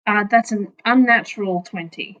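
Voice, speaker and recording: A woman playing a tabletop game, talking in a halting, stammering way. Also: mid-range voice, a bit bright. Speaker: player. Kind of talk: casual tabletop play. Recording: dull lo-fi mic.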